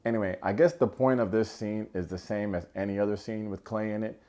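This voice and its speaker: A man's voice: lowish voice, steady tone, brisk, mellow. A young man giving a casual, joking recap of a reality show, acting out quotes in funny voices. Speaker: recap vlogger.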